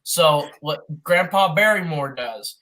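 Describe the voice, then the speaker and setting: A podcast co-host recapping an old film in a rambling, profane, excitable way, sometimes doing quick mock voices. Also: medium pitch. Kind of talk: casual comedic chat.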